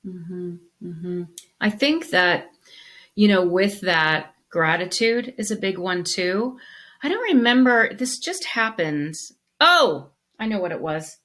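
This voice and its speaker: A woman co-hosting a podcast, telling stories in a casual, animated way with frequent restarts. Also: lowish voice, slow pace. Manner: animated storyteller with many restarts. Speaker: podcast co-host. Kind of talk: casual conversation.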